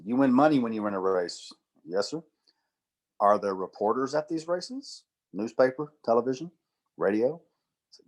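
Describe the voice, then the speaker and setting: A middle-aged man giving a church talk, telling stories, acting out quoted dialogue and reading poetry slowly. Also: fairly low pitch. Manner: storytelling, acts out quotes, recites poetry slowly. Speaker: church speaker and literature teacher.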